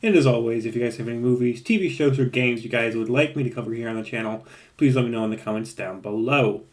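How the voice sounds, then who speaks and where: A man's voice: mid-range voice, quick pace. A man giving a casual, rambling spoken movie review with a chatty, laughing manner. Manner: rambling, chatty, laughs at his own points.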